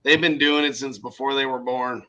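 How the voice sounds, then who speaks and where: A man co-hosting a podcast in casual chat, telling animated stories and swearing freely. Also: medium pitch, moderate pace, muffled recording. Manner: animated storyteller acting out quoted people, swears freely. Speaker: podcast co-host.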